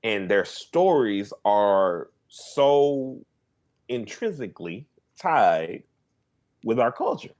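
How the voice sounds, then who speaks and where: Rambling, animated male podcast host. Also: fairly low pitch, slow pace. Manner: rambling, animated, lots of fillers and restarts. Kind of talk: casual chat.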